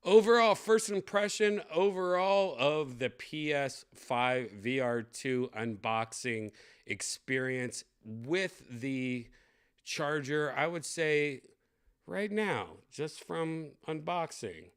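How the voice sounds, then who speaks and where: Young guy ranting through an unboxing, swears a lot, slow talker, bright voice. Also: mid-range voice, lively intonation, clean tone. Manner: blunt, profane, ranting, with lots of fillers. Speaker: tech vlogger unboxing a VR headset. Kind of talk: casual unboxing commentary.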